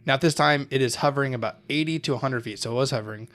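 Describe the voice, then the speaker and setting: A man's voice: mid-range voice, very fast, fairly bright tone. A young man co-hosting a podcast, telling a story in loose casual chat, swearing often, laughing and losing his thread.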